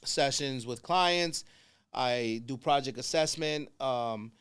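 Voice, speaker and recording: A man, a construction consultant chatting as a podcast guest, telling animated stories and acting out the people in them. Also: mid-range voice, takes it slowly, smooth. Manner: animated storyteller, acts out quoted people. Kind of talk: casual conversation.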